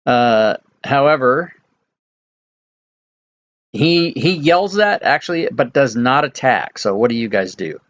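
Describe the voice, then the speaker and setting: Laid-back male dungeon master, lo-fi mic. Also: mid-range voice. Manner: relaxed, halting narration with many fillers. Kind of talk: running a tabletop game over voice chat. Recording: dull lo-fi mic.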